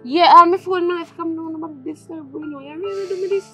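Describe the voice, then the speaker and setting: Woman doing a sulky girlfriend, high bright voice, quick clipped answers. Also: soft background music. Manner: curt, sulky replies. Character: sulking young Jamaican girlfriend. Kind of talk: indie film acting.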